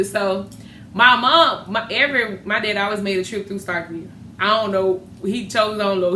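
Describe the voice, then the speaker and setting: A woman, co-hosting a podcast and telling family stories in a lively, laughing, slangy way. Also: medium pitch. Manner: animated, laughing, slangy storyteller. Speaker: podcast co-host. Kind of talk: casual storytelling chat. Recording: echoey room with faint noise.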